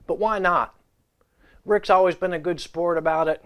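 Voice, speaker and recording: A man hosts a casual guitar gear vlog from his home set. His voice sits a bit high, and he rambles through off-the-cuff, irreverent banter and wisecracks aimed straight at the camera. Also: steady tone, normal speed, fairly bright tone, clear, resonant tone. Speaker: guitar gear channel host.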